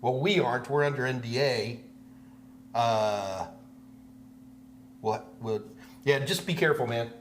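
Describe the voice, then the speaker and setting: A man hosting a live tech question-and-answer stream, talking casually and slipping in quick jokes and asides. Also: medium pitch, a little hiss or hum.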